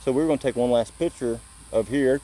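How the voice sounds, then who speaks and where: A man's voice: medium pitch, quick pace, dark tone, a little hiss or hum, poor audio. A man from Illinois telling a story in a casual way, recounting events through quoted back-and-forth. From Illinois, USA. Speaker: visitor telling what happened to him.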